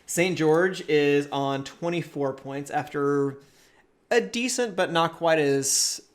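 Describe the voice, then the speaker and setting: A man co-hosting a podcast from a rental house, calmly running through tournament standings with dry jokes. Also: a little high. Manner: measured, analytical, with dry jokes. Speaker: podcast co-host. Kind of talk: casual tournament recap chat. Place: shared rental house, indoors.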